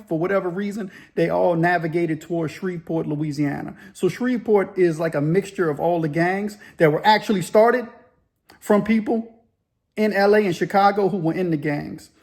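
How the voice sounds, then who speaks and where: A man telling a story casually, loosely and with animated sound effects. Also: a little high, creaky. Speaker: storyteller, former inmate.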